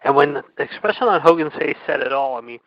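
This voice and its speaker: A man's voice: fairly high pitch, lively intonation, fast, highs cut off. A man from the Pittsburgh area talking wrestling history on a casual show, rambling and tacking "however" onto his sentences. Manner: rambling, leans on "however" and "I mean". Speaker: podcast co-host.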